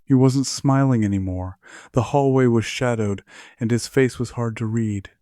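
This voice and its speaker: A man narrating a scripted horror story in measured, steady storytelling. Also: mid-range voice, dry recording, studio quality.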